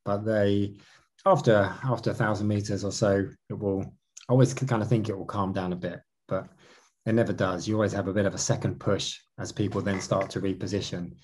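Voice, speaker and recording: Husky low-voiced guy telling race stories in an interview, lots of restarts. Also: brisk. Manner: animated, many restarts. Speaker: marathon canoe racer. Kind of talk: interview answers.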